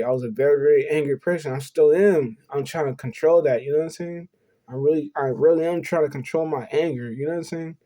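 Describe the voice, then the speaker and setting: A man's voice: fairly high pitch, warm tone. A young man telling a personal story in an earnest, confessional way, rambling and repeating himself. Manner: rambling, repeats "you know what I'm saying". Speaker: vlogger.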